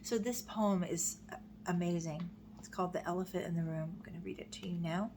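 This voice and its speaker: Earnest gentle woman, soft whispers. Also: on the low side, steady tone, a little fast, slight background noise. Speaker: grief support speaker. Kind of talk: heartfelt talk to camera with a poem read aloud.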